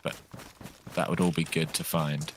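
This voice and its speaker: A man's voice: very deep voice, little pitch movement, moderate pace, a little hiss or hum. A man chatting casually while streaming a survival game, rambling and lightly joking. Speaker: gaming streamer. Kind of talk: casual live gameplay chat.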